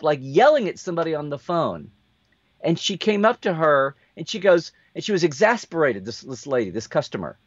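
A man hosting a casual video chat, telling an anecdote in an animated way and acting out the quotes. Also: on the high side, dry recording, dull audio. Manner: animated storyteller, acts out quotes. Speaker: host.

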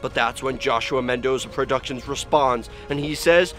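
A man's voice: medium pitch, moderate pace, few pauses, fairly bright tone, soft background music. A man hosting his own YouTube channel, reading out comments in a hyped, dramatic way. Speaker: YouTube host. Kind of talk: energetic vlog narration.

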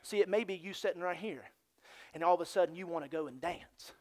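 A pastor in a church delivers a sermon, his high-sitting voice moving quickly as he sinks to hushed near-whispers and then rises into loud, excited storytelling.

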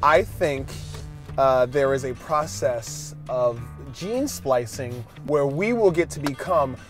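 Deadpan man with a lively voice. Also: medium pitch, slow pace. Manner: deadpan joke-telling. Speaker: gaming show cast member. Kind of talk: casual gameplay chat. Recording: game music behind.

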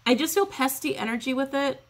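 A woman's voice: high-pitched, fairly quick. A woman giving a casual spoken tarot reading, chatty and sassy, swearing freely and repeating her phrases. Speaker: tarot reader.

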